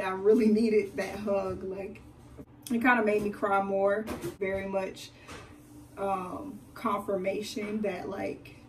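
A young woman, a beauty vlogger, chatting casually with viewers in an animated way as she tells a personal story during a hair routine at home. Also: mid-range voice, recorded from a distance, a little hiss or hum. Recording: echoey room, away from the mic.

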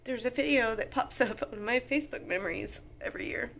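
A woman's voice: on the high side, a little fast, vocal fry, a bit bright, a little hiss or hum. A woman, talking casually and sentimentally to the camera at home as a mom vlogger. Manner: chatty and sentimental, talks straight to the viewer.

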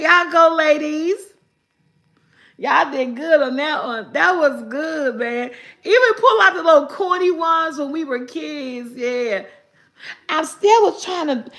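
On a laid-back live stream, a woman reads riddles sent in by her chat, going over each one slowly and laughing frequently. Her voice sits high, with a fairly bright tone.

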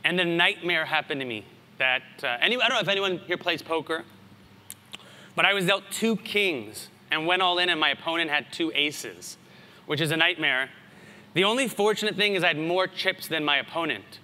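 A man in his thirties, from the United States, giving a conference keynote in an animated storytelling way with asides. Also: a little high, moderate pace. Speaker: conference speaker. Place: large conference hall. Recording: hall reverb.

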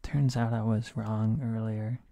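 A man in a whispered role-play as a sleepy teacher, talking slowly and softly with a gravelly edge. His voice is hoarse from a sore throat and sits close on a dry mic. He drops deadpan jokes in the same hushed tone. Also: fairly low pitch, dry recording. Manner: soft, sleepy, with deadpan joke mispronunciations. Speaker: streamer playing a Spanish teacher.

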